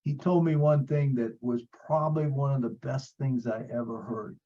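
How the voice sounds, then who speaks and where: A man's voice: medium pitch, steady tone, moderate pace, warm tone, muffled recording. A man sharing a personal story on a video call, earnest, repeating phrases, with many fillers. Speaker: support group member.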